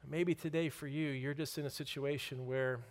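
A man's voice: fairly high pitch, fairly even intonation. A man preaching a sermon in a conversational, joking way. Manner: conversational, joking, drawn-out stresses. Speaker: pastor.

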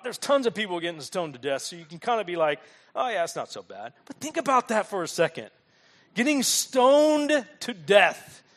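A man's voice: sits high, a bit bright. A male pastor preaching a sermon, telling stories with humor and frequent rhetorical questions.

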